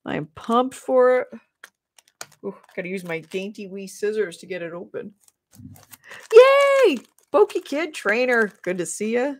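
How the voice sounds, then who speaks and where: A woman's voice: medium pitch, slight background noise. A woman streaming live, bubbly and chatty, greeting viewers as she opens trading card packs. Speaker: streamer opening trading cards.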